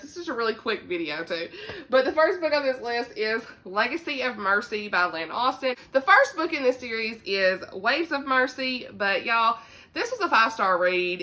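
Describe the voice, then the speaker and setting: Bright Southern woman book vlogger. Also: mid-range voice. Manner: chatty, laughs often, drawls "y'all". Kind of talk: casual chat to camera.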